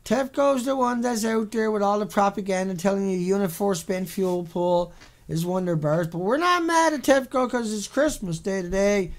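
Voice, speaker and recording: A man's voice: high voice, normal speed. A man giving sarcastic, ranting commentary on a series of pictures, mocking and repetitive in his delivery. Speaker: video commentator.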